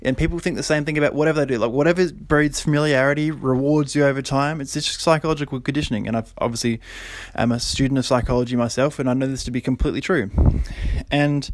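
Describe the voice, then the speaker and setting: A young man hosting a solo podcast, talking casually and then getting preachy and animated, with lots of fillers and quick laughs. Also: medium pitch, no echo. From Australia. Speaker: podcast host.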